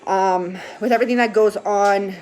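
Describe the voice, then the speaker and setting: A woman's voice: medium pitch, fairly even intonation, moderate pace, a little mellow. A woman talking candidly in a casual rambling monologue, full of fillers and restarts, with occasional swearing and a tearful edge. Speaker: vlogger sharing her recovery.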